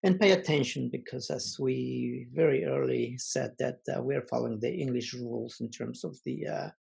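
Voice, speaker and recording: A man teaching an online language lesson, reading word lists aloud slowly and pausing often with fillers. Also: mid-range voice, gravelly, a little mellow, breathy edge, poor audio.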